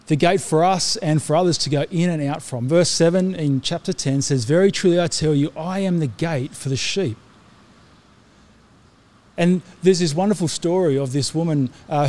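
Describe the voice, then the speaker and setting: A middle-aged pastor delivers a sermon in a slightly raised speaking voice, fairly high in pitch with a dark tone. Earnest and conversational, he circles back and restarts phrases with small fillers.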